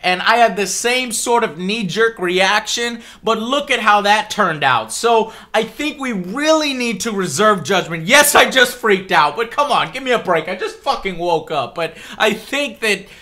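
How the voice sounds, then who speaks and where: Male vlogger, fed-up ranter, high register, crisp bright tone, lots of profanity. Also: expressive, measured pace, hardly any pauses. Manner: exasperated, heavy swearing, repeats himself. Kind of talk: angry rant to camera.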